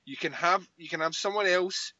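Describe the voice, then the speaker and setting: An animated man co-hosting a casual podcast, laughing and swearing as he talks. His voice is bright and sits a bit high. The sound is dry and dull, like a muffled home recording. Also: normal speed, no echo. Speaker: podcast co-host.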